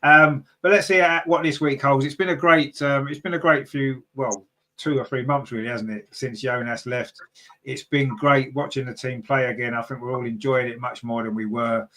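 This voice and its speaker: This is a man hosting a fan podcast, talking casually and reading out viewer comments. His voice sits at a middle pitch, and he rambles with plenty of fillers. He jumps up in pitch when he gets excited. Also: moderate pace. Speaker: podcast host.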